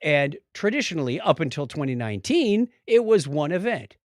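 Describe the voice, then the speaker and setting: A middle-aged man co-hosting a casual podcast, jokey and animated, with sudden loud exclamations. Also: on the high side, moderate pace, dry recording, clean studio sound. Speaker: podcast co-host. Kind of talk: casual chat.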